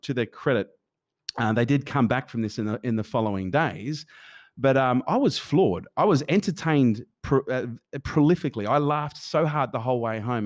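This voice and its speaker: A man hosting an interview, telling an animated story with swearing and acted-out quotes. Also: mid-range voice. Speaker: podcast host. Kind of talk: casual interview chat.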